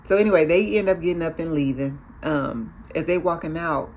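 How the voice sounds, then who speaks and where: A woman's voice: deep voice, a little fast, darkish tone, slight background noise. A woman hosting a casual recap of a TV show, chatty, acting out the characters' lines as she goes.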